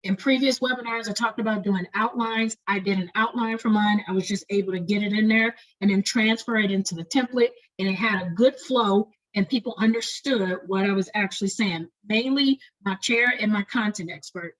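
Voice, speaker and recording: A woman leading an online lecture on doctoral writing, talking fast and often checking in with "right?". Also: medium pitch, fairly bright tone, poor audio. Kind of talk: webinar lecture.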